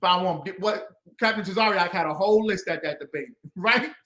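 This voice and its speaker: A man teaching as a religious instructor, combative and preachy, with loud emphatic bursts. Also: high-pitched, fairly quick, reverberant. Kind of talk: fiery teaching commentary.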